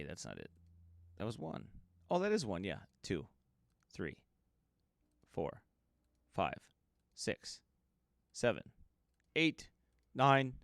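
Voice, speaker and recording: A man's voice: medium pitch, dry recording, studio quality. A man, a pastor from the United States, chatting casually and joking with livestream viewers before his sermon. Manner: chatty, joking, reads viewer names aloud.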